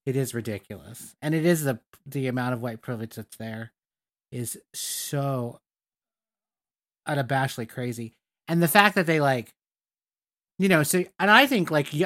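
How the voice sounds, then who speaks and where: A podcast co-host in casual chat, telling stories in an animated way and acting out what people said. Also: mid-range voice. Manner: animated storytelling, quotes people.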